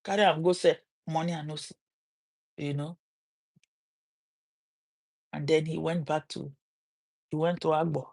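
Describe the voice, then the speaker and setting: Gravelly Nigerian woman preaching a story. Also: low-pitched, unhurried, pauses often. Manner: animated storytelling with acted quotes and preachy asides. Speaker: livestream host. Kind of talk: storytelling sermon.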